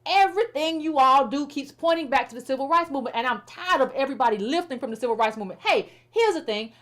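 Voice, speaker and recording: A woman's voice: sits high, fairly bright tone. A middle-aged woman commentator giving blunt, repetitive, exasperated criticism in casual, informal speech. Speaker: political commentator.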